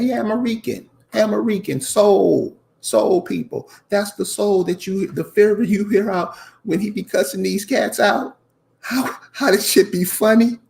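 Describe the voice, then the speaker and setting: The channel host's voice is high, a bit mellow, and marked by vocal fry. He rants casually to his audience in an emphatic, preachy way, going back over his points and talking to "y'all" directly.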